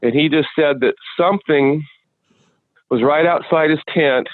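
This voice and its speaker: A man from Washington State, a guest in an interview, telling a long rambling story with halting restarts. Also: a little high, no echo. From Washington State, USA. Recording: dry, tinny phone line.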